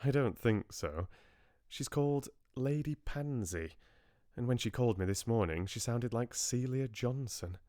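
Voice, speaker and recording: A man's voice: medium pitch, lively intonation, unhurried, mellow, dry recording, clean studio sound, natural voice. A man voicing Bella, a young woman, in a light, wry tone while reading a novel aloud.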